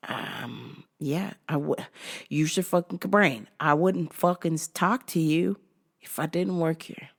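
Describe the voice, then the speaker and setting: A woman's voice: low voice, fairly even intonation, measured pace. A woman vlogger telling a work story in a casual, profane, sarcastic way.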